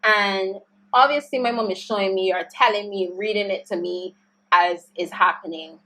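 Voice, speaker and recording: A young woman telling a storytime vlog story, animated and slangy as she vents. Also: medium pitch, normal speed. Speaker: YouTuber.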